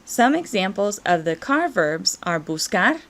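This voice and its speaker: A woman Spanish teacher, encouraging and slow and clear as she walks through verb conjugations in a recorded lesson. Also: mid-range voice, sing-song, fairly bright tone.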